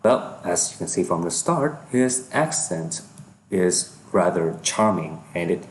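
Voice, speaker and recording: A man with a very deep voice comments on a comedy clip he is watching. He speaks hesitantly, restarting and repeating his words. A faint noise sits behind him. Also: expressive, unhurried. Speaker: video reactor. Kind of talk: reaction commentary.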